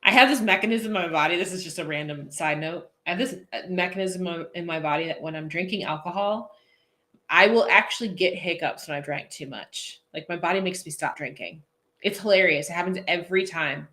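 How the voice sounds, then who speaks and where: A woman's voice: on the low side, brisk, a bit bright. Goofy, chatty woman streaming live. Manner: chatty, goofy, laughs often, reads viewer comments aloud. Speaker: posing coach hosting a live feed. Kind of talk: casual live-stream chat.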